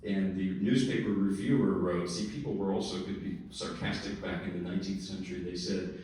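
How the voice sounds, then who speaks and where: Deep-voiced man speaking in an echoey hall. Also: fairly quick, recorded from a distance. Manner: relaxed storytelling with laughs and asides. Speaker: pianist. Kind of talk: lecture-recital remarks. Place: recital hall.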